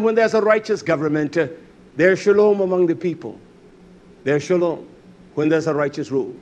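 Fiery high-voiced male preacher. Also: animated, fairly quick. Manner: fiery, swings between loud outbursts and low muttering; repeats phrases for emphasis, says hallelujah. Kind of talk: sermon.

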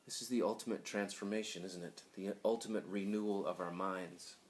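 A man who is a school pastor, giving a sermon at a graduation, swinging from loud pleading to hushed, whispered passages. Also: deep voice, fairly even intonation, brisk, a little hiss or hum.

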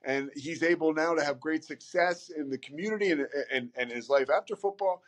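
A man talking casually as a podcast guest, animated and rambling, often repeating words as he starts a thought. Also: a little high, fairly quick. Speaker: podcast guest, sports broadcaster. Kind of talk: casual conversation.

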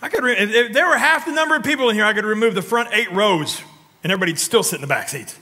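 A male pastor delivers a sermon in a bright, forceful voice pitched a little high. He tells stories animatedly, swinging from loud, punchy lines to hushed ones and prodding his congregation to answer. A long reverb from the sanctuary trails every phrase. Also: expressive, very fast. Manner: talks directly to the congregation, prodding them for responses. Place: church sanctuary.

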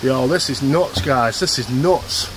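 A man vlogging while exploring rocks at night, excitable and out of breath, talking to his viewers. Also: medium pitch, measured pace. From England. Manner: excitable, keeps addressing viewers as guys. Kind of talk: casual vlog chat. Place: outdoors among rocks at night. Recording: noisy outdoor recording.

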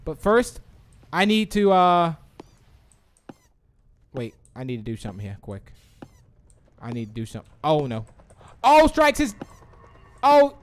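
A man hosting a live game stream, excitably commenting and reading viewers' chat aloud. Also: mid-range voice, normal speed, pauses often. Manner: excitable, reads chat aloud, swings from shouts to mumbles. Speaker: livestream host.

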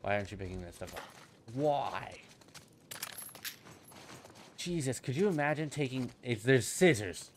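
A man's voice: mid-range voice, expressive, unhurried, pauses often, slight background noise. A young man giving casual gameplay commentary as a channel host, goofy and rambling, swearing freely and joking to himself.

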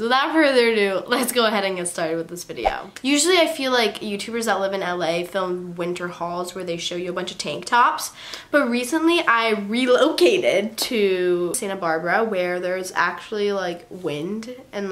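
A young woman with a hoarse, raspy voice from a cold, chatting casually as she hosts a clothing try-on haul vlog. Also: medium pitch, expressive, moderate pace, a bit bright. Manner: chatty and self-mocking, lots of fillers. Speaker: YouTuber hosting a try-on haul.

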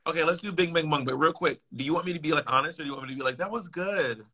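A man's voice: on the high side, rapid-fire, sharp tone, slightly rough. An American man hosting a live stream over a phone, chatting casually with a guest in a blunt, teasing, playful way.

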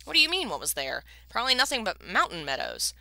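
A woman reading a book aloud and voicing a calm, skeptical male colleague on the phone. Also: medium pitch, quick pace, creaky, dry recording, pitched above the performer's own voice, full character voice. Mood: doubtful. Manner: calm, doubtful.

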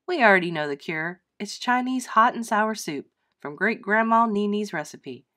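An elderly grandmother full of good humor and easy amusement. A woman reading aloud voices her a little louder and higher than her narration, in a hearty, unhurried manner. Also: expressive. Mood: amused.

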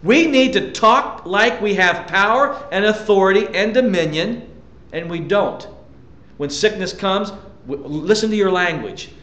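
A man's voice: high voice, a little slow, a bit bright, echoey room, highs cut off. A male pastor preaching a sermon with emphasis, asking the congregation rhetorical questions.

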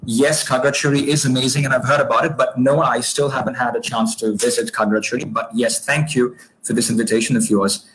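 A man's voice: medium pitch, flat delivery, fairly quick, few pauses, a bit bright, slight background noise, poor audio. A man from Bangladesh answering viewers' comments in a live-stream English lesson, patient and polite, with many fillers and restarts.

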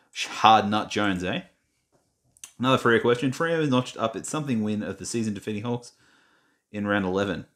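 A man's voice: on the low side, a bit bright. A young Australian man chatting casually while reading quiz questions aloud, muttering and mocking himself. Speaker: gaming vlogger. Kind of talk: casual screen-recorded commentary.

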